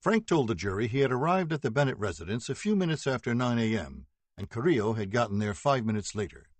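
A man reading a true-crime audiobook as narrator, steady and even, voicing quoted dialogue lightly. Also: medium pitch, fast, no echo. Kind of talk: scripted narration.

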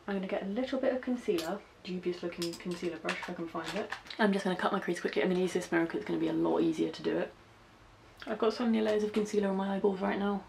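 Speaking at a racing pace, this makeup vlogger from England's West Country has a fairly low, gravelly, slightly mellow voice and a light West Country accent. She's young, talks casually through a tutorial, and pokes fun at herself as she explains each step, over slight background noise.

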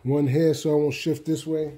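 A middle-aged home tour vlogger gives a relaxed, casual walk-through of a room in his apartment, frequently checking in with "okay?" His voice is on the high side at a moderate pace, and the recording is very noisy.

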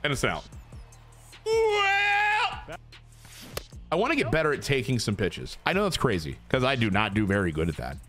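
A man's voice: fairly low pitch, sing-song, quick pace, hardly any pauses, a bit bright, faint music behind. A young man streaming a baseball video game, cheering, groaning and swearing at each play while talking to his chat. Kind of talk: casual gameplay commentary to chat.

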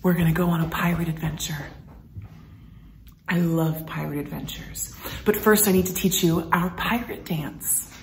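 A woman teaching a children's music and movement lesson at home. She talks in an animated, sing-song way and coaxes the children to join in. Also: lowish voice, normal speed, vocal fry, reverberant, distant mic, a little hiss or hum.

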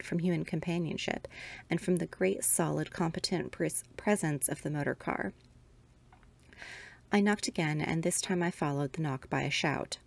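A woman host reading an old ghost story aloud in a measured, expressive way. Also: sits low, gravelly.

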